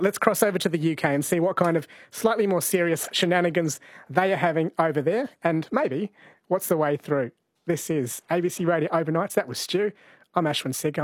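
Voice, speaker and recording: Chatty male radio host, higher voice. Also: brisk, no room sound, studio quality. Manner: chatty, joking, easygoing. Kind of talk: casual radio banter. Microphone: studio microphone.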